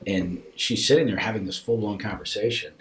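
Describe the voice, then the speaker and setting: A man on a podcast telling a personal story in a casual interview, animatedly acting out both sides of the dialogue and dropping to a soft, hushed voice at tender moments. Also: fairly low pitch, fairly quick, slight background noise. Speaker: podcast guest.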